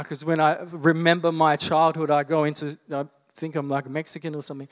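A man's voice: fairly high pitch, little pitch movement, moderate pace, hardly any pauses. A man in his thirties preaching a sermon, telling humorous childhood stories in a loose, conversational way before building to fervent preaching. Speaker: pastor.

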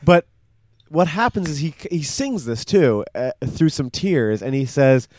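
A man's voice: on the high side, measured pace, no echo. Man recapping a cartoon, rambling. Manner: rambling, animated storytelling. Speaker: podcast co-host. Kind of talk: casual chat.

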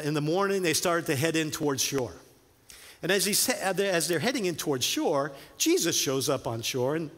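A male pastor preaching a sermon in a conversational way, telling stories with animated, informal asides. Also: on the high side. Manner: conversational, animated storytelling with filler words and restarts. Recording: long reverb in a hall.

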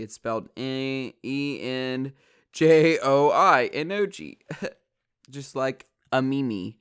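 A young man with a drawl rambles through a casual vlog, swearing freely and padding his talk with ums and likes. His voice is smooth and resonant and sits at an ordinary middle pitch. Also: fairly bright tone. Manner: swears a lot, rambling with many fillers. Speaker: vlogger.

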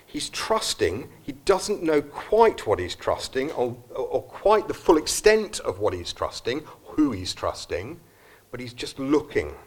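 A man's voice: medium pitch, very animated, a little slow, breathy edge. A man preaching a sermon at a church service, earnest and reflective, sometimes restarting his phrases.

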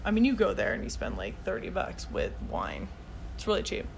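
A woman's voice: mid-range voice, huge pitch swings, a little fast, slight background noise. A woman in her thirties co-hosting a casual podcast, telling a story in a bubbly, gushing way. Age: 30s. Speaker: podcast co-host. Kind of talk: casual chat.

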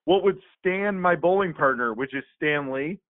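A man's voice: fairly high pitch, moderate pace, dry recording. Rambling man on a tinny line. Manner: rambling, animated retelling with many fillers and laughs. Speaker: podcast co-host. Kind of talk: casual chat. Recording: phone-like, dry sound.

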